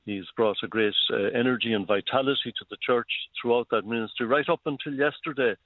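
A man, an archbishop, speaking slowly and solemnly in a news interview. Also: mid-range voice, dry recording. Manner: slow, deliberate, solemn. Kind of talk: phone interview. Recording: tinny phone line.

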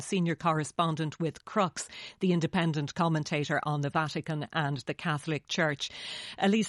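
A woman news presenter introducing reports and asking guests questions in a measured, formal way. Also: low voice, no echo, clean studio sound.

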